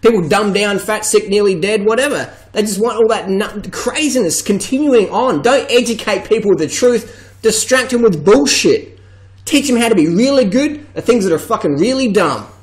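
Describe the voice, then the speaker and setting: Brief: man with a high voice, swearing, hard-selling vlog rant. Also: low-quality recording. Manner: blunt, swearing, emphatic, mocking quoted voices. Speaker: vegan fitness vlogger. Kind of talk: profane rant to camera.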